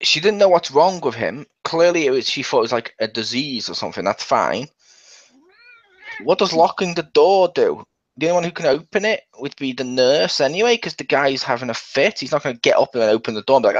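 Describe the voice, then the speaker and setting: A man chatting casually in a film review, joking, swearing freely and acting out scenes in quick little voices. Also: mid-range voice, animated, dry recording. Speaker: movie reviewer. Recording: dull lo-fi dry sound.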